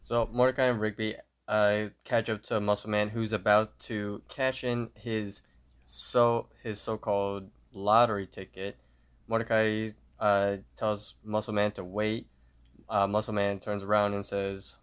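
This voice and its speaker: A podcast co-host with a smooth, lowish voice speaks at normal speed. He casually retells a cartoon episode scene by scene, giving a steady play-by-play peppered with fillers.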